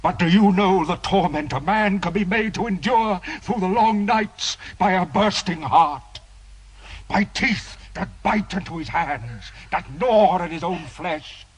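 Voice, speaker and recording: An actor playing a tormented, obsessive priest in a radio drama, pleading and anguished, swinging between hushed murmurs and shouts. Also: male voice, sits high, lively intonation, unhurried, husky, heavily acted, rough recording. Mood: desperate urging. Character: tormented obsessive male priest, middle-aged.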